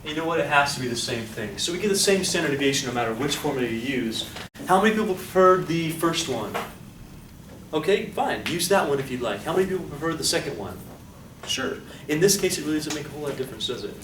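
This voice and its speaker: Quick and expressive, this man's fairly high-pitched voice carries an upbeat statistics lecture as he questions his students and nudges them toward answers. The sound is echoey, picked up from a distance, with noise in the background.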